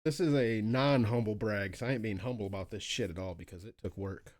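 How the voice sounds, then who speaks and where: A man co-hosting a casual podcast, telling gaming stories with lots of swearing and excited squeaky voices for his asides. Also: brisk. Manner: animated storytelling, swears freely, jumps up in pitch for quoted asides. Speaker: podcast co-host.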